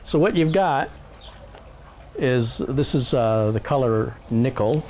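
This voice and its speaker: A man's voice: medium pitch, animated, takes it slowly, a little mellow, a little hiss or hum. A man hosting a live stream in a casual, chatty way, reading viewer messages aloud and joking at his own expense. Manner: self-deprecating joking.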